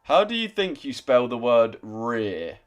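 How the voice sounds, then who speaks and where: On a trading live stream, a young man chats casually and reads out viewer comments, swearing and teasing the chat. His medium-pitched voice has a sing-song lilt and moves at a moderate pace.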